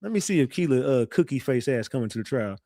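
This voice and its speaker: A brash man running a livestream who trash-talks freely and laughs a lot. His voice sits at a middle pitch. The sound is dry and close, with no room echo. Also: expressive, fast talker, dark tone. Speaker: livestream host. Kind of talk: casual livestream commentary.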